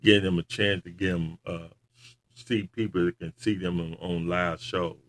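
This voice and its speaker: A man chatting casually in loose grammar, rambling and laughing often as he tells animated stories. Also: low voice, moderate pace. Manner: animated storyteller. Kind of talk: casual chat watching wrestling.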